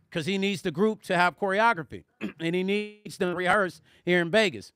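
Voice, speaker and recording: A man hosting a music vlog, telling stories in an animated, conversational way and speaking directly to his viewers. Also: high voice, normal speed, clear, resonant tone, no echo, clean studio sound. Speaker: music vlogger. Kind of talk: storytelling on a live stream.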